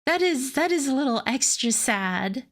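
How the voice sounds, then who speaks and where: A woman's voice: high-pitched, lively intonation, moderate pace, a bit bright. A woman streamer chatting casually and laughing while she plays a game and reads its text aloud. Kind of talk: casual let's-play commentary.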